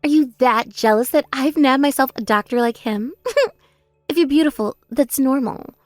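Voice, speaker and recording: A woman's voice: high-pitched, moderate pace, no room sound, clean studio sound, faint music behind, lightly acted. A woman voicing a spoiled younger sister who boasts and mocks in a text-message story drama. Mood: taunting. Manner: mocking, taunting, gloating.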